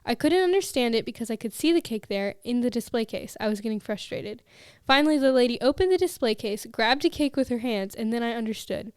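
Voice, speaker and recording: A woman co-hosting a podcast, reading listener stories aloud and chatting with a giggly, animated manner. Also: a little high, brisk, clear, resonant tone, no room sound. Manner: giggly, animated when amused. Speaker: podcast co-host.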